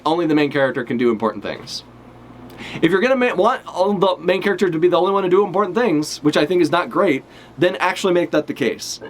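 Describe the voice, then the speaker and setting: A man giving live reaction commentary as a streamer, ranting and swearing in exasperation. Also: a little high.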